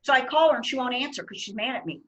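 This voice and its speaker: A middle-aged woman hosting a casual chat, telling lively stories and laughing often. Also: sits high, rapid-fire, rough recording. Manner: animated storyteller, laughs often. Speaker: host.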